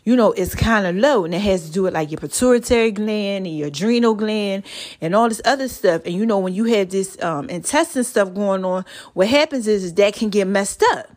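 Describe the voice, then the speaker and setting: A woman hosting a solo podcast, talking casually and warmly to her listeners, testifying about her life and calling them y'all and child. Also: medium pitch, fairly quick. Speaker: podcast host.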